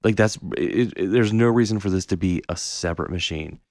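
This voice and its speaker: Low-voiced man ranting on a podcast. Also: a little fast, no room sound, studio quality. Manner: animated, profane, ranting. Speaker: podcast co-host. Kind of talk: casual chat.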